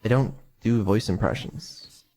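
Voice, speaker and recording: A man's voice: fairly low pitch, measured pace, mellow. A man streaming as a developer, talking casually with lots of ums and dry sarcasm. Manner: mumbling, hesitant, many ums, dry sarcasm.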